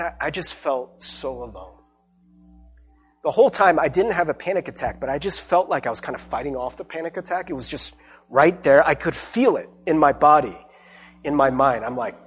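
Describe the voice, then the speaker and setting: A man's voice: on the high side, slightly rough. A young adult man, a pastor, giving a conversational sermon testimony with many fillers and restarts. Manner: conversational, halting with many fillers and repeated words.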